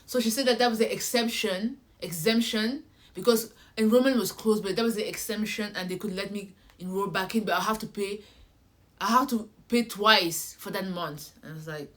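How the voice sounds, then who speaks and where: A young woman shares a personal story in a casual vlog. She speaks in a natural mid-range voice and talks straight to her viewers. She acts out each conversation with lively energy. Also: mid-range voice, moderate pace. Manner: animated, acts out conversations, addresses viewers directly. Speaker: vlogger.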